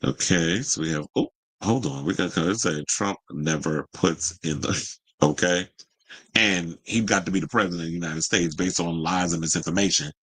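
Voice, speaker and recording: A man talks through entertainment news in an easy, opinionated way, drifting into asides and filling pauses with "um" and "you know." His voice sits low and has a husky grain to it. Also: fairly bright tone. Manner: chatty, opinionated, many fillers and asides. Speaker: host. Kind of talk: casual pop-culture commentary.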